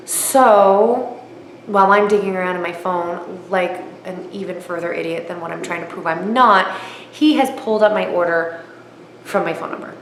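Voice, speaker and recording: A woman telling a comic story in a vlog, self-mocking and lively, jumping high in pitch when she quotes herself. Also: normal speed. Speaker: aquarium hobbyist vlogger. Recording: roomy echo with faint noise.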